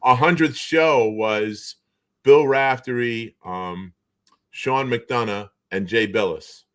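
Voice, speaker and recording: A man from the New Bedford, Massachusetts area, telling stories as an interview guest, animated and chuckling, with frequent restarts. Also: medium pitch, slow. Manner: animated storyteller, chuckles often, trails off in restarts. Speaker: guest, former basketball player and show co-host. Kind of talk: casual storytelling interview.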